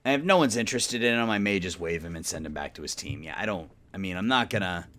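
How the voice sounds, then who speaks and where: A man's voice: sits low, lively intonation, fast, a bit bright. A man casually thinking aloud while he manages a baseball team in a video game, sleepy and yawning now and then, muttering as he weighs trades. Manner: mutters trade talk to the game's teams. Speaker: gaming YouTuber playing a baseball management sim. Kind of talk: casual let's-play commentary.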